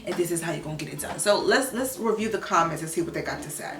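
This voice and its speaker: A young adult woman vlogger talking casually to her viewers, slangy and animated, practicing Spanish words. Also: fairly low pitch, quick pace, reverberant, over music. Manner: animated, slangy, talks to viewers, bursts of excitement.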